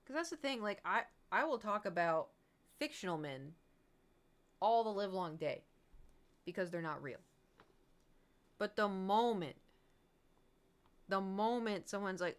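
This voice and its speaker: A woman's voice: mid-range voice, lively intonation, measured pace, long pauses. A woman livestreamer in casual, rambling chat, candid and swearing freely with frequent laughs.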